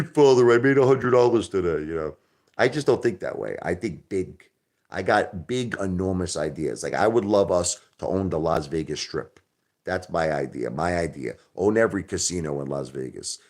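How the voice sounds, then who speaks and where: A man hosting a casual livestream, rambling and repeating himself, jumping from loud outbursts to low mutters and softening his swear words. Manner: minces swear words into euphemisms. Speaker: livestream host.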